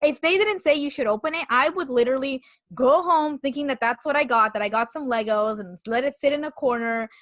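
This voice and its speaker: A young woman co-hosts a podcast, chatting casually and telling animated stories packed with "like" and laughter. Her voice sits high and moves fairly quickly. The recording is dry, with clean studio sound.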